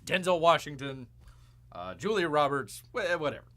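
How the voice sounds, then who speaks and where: A man's voice: fairly high pitch, big pitch swings, moderate pace, pushed and bright. A man hosting a live show, rambling through casual commentary and calling himself Bear with jokey, mock-outraged asides.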